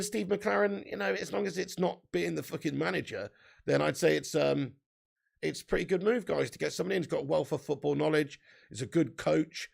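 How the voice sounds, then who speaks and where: A man's voice: medium pitch, vocal fry, a little mellow. A man hosting a casual live football stream, chatting, reading the live chat aloud and laughing often.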